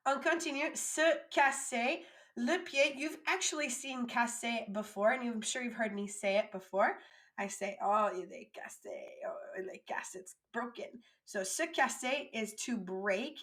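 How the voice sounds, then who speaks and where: A woman teaching a recorded French lesson, modelling words slowly for learners to repeat and then explaining them in quick English asides. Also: on the high side, fairly bright tone.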